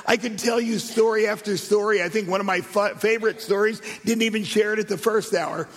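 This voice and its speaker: High-voiced man preaching in an echoing hall. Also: fairly quick. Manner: animated storytelling with shouted emphasis. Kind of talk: sermon. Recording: echoey hall reverb.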